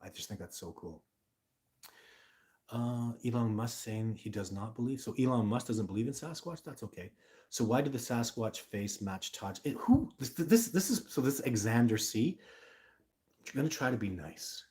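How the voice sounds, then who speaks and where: A man's voice: mid-range voice, animated, moderate pace, warm tone. Talkative blunt Canadian man hosting live. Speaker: livestream host. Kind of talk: live-stream chat answering viewer comments.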